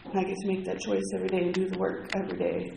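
A man's voice: high-pitched, completely flat delivery, rapid-fire, creaky. A man speaking candidly and from the heart as he tells his recovery story to a group in a meeting room. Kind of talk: personal testimony to a group. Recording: echoey, noisy room recording.

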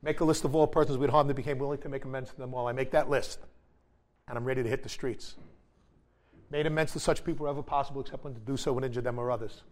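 A man's voice: mid-range voice, fairly even intonation, quick pace, darkish tone. A middle-aged man giving a candid personal testimony at a recovery meeting, wry and blunt, with the odd swear word. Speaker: speaker sharing at a recovery meeting.

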